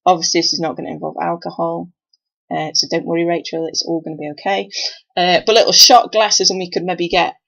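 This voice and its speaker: A woman's voice: on the low side, steady tone, a little fast, creaky, fairly bright tone, muffled recording. A woman organising an event, talking in a casual, rambling video message full of fillers. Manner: chatty, rambling with many fillers.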